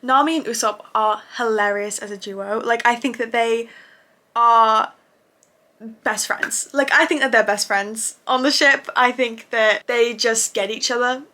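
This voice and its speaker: A woman casually reviewing anime episodes for her channel, gushing and excitable and swearing freely. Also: on the high side, unhurried.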